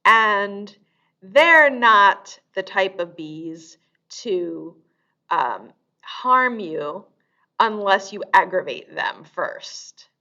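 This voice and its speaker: A woman's voice: medium pitch, bright, forceful tone, muffled recording. A woman librarian leading a storytime and sing-along for young children, in a sing-song, exaggerated way.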